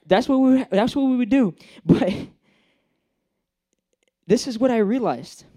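A young man preaching in a loose, conversational way, with a fairly high voice. He jokes, uses slang and acts out the people in his story. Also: animated, unhurried, mellow. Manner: chatty, joking, acts out characters. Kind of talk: casual sermon.

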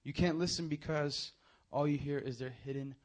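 Animated young male preacher, fairly high voice. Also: moderate pace. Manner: animated storytelling, swinging from hushed to loud. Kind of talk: sermon.

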